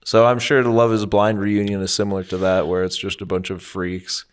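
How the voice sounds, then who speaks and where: Wry low-voiced Midwestern man. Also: level tone, clean tone. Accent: American Midwest. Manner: wry, quick asides, sarcastic rants. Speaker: podcast co-host. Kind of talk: casual comedic chat.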